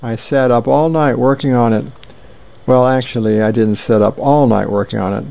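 A man's voice: mid-range voice, fairly even intonation, moderate pace, creaky, mellow, muffled recording, lightly acted. A man reading aloud as a young schoolgirl giving her class report, earnest and slightly raised.

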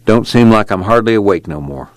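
A man's voice: on the low side, animated, fairly quick, dry recording, natural voice. A man voicing an exhausted, despairing farm uncle with a drawl, dazed and demanding.

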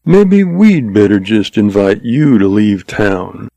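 A man's voice: fairly low pitch, animated, takes it slowly, gravelly, warm tone, no echo, heavily acted. A man voicing a tense Old West outlaw who snarls and strains his voice as if about to crack. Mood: snarling. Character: tense, snarling male outlaw at breaking point.

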